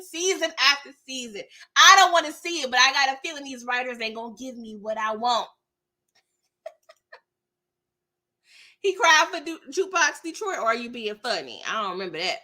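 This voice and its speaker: Animated woman recapping a TV episode. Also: high voice. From California. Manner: animated, laughing, acts out characters mid-story. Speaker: TV recap host. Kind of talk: live episode recap, casual chat.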